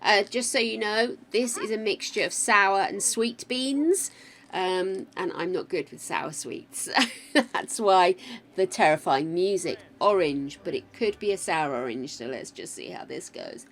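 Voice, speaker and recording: An older woman with a faintly wobbly voice talks her way through a game on a live stream. She speaks slowly and in a middling pitch, thinking aloud and greeting her viewers by name. A faint hiss sits beneath her voice. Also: animated, a bit bright. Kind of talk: casual live-stream chat while playing.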